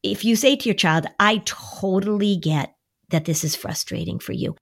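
Woman therapist coaching parents, animated. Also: moderate pace, gravelly. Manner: warm, coaching, acts out kids' voices in a high whine. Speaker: therapist and podcast co-host. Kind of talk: conversational advice podcast.

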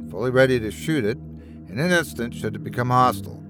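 A man's voice: mid-range voice, fast. A man, host of a horror story podcast, giving dramatic scripted narration. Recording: music bed underneath.

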